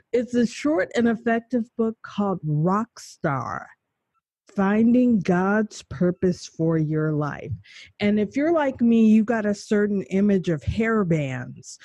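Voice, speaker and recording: A woman hosting a faith interview show, relaxed and conversational, laughing easily. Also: medium pitch, dry recording. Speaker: host. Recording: dull lo-fi sound, dry.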